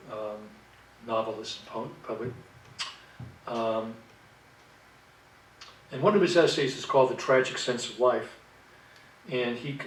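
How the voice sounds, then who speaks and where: A man's voice: mid-range voice, fairly bright tone, a little hiss or hum. Man lecturing in an echoey room. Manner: measured, reflective, with fillers and restarts. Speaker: workshop presenter, therapist. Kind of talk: lecture to clinicians. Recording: echoey room, distant mic.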